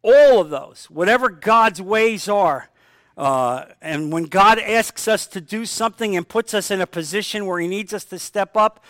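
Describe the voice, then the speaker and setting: A man's voice: sits high, unhurried, fairly bright tone, dry recording. A man pastor preaching a sermon, stressing key phrases by repeating them and acting out sample prayers.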